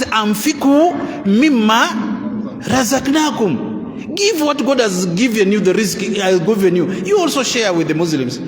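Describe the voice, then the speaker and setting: A man with a Ugandan English accent giving a public speech to a gathering and arguing his point with rhetorical questions. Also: high voice. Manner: argumentative, full of rhetorical questions. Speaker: Muslim council official addressing a gathering. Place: large echoing hall at a school event. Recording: echoey hall with long reverb.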